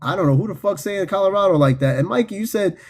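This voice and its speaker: NYC-accented male streamer, slightly raspy and a touch high, loose and profane, reads chat and cracks up. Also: fast talker. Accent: New York City. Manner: animated, profane, laughs often. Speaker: host. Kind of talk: casual livestream chat reading viewer comments.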